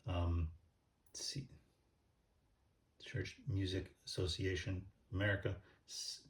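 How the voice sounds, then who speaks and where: A man's voice: low voice, little pitch movement, takes it slowly. A man explaining church music casually, thinking aloud with many ums and restarts as he pages through a book.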